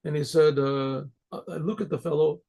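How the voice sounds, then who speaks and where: A rabbi telling a story in a rambling, animated way, full of restarts, over a computer mic on a video call. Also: male voice, fairly high pitch, moderate pace, creaky. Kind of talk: storytelling talk.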